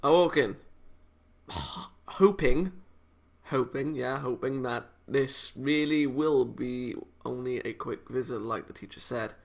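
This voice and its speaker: A man's voice: medium pitch, takes it slowly, creaky. A man hosting a casual let's-read of a visual novel, reading the text aloud with chatty, self-mocking asides.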